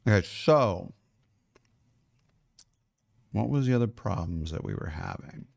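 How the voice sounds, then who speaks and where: A man's voice: on the low side, expressive, a little slow, vocal fry, a little mellow, dry recording. A man, a music producer, chatting casually and rambling as he masters a song live, swearing now and then. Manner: talks while chewing. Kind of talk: casual livestream talk while mastering.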